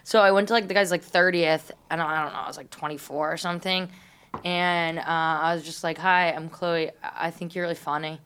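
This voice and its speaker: A woman's voice: fairly low pitch, steady tone, brisk, a bit bright, a little hiss or hum. A young woman co-hosting a podcast, telling a story in casual chat with lots of "like" fillers. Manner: valley-girl filler, heavy "like", storytelling. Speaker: podcast co-host.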